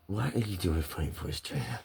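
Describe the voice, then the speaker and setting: A man with a deep, husky, dark-toned voice hosts a loose, casual chat. He swears constantly, laughs between lines and teases his co-host, with a lively, bouncing delivery. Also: fast. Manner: profane, laughing often; teasing.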